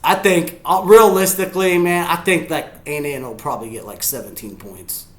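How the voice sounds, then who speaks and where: A man giving excitable live reaction commentary on a football game, yelling at the players and chuckling often. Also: a little high, normal speed, few pauses, roomy sound. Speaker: sports fan reacting to a game.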